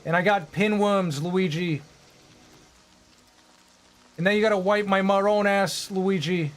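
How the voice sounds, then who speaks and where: A brash, crude little plumber, done by a man with a high, pushy voice. He taunts and rambles in an improvised comedy bit. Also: fairly even intonation, unhurried. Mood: taunting.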